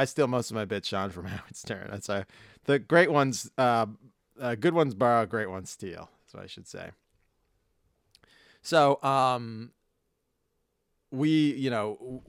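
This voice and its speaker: Male podcast host, 30s, rambling storyteller; smooth, resonant, dry close mic. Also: lowish voice, no room sound. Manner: rambling anecdotal storyteller, swears freely. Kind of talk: casual chat.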